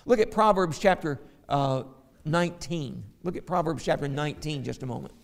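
A man's voice: on the high side, moderate pace, vocal fry. A middle-aged man preaching a sermon, telling stories and reading scripture aloud. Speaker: pastor.

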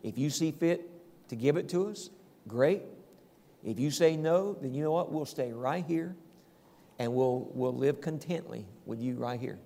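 A pastor preaches a sermon full of homespun stories in a folksy way, calling out "Amen?" to his congregation. His voice is medium-pitched, creaky and dark in tone, delivered at a measured pace. A long reverb tail trails each phrase.

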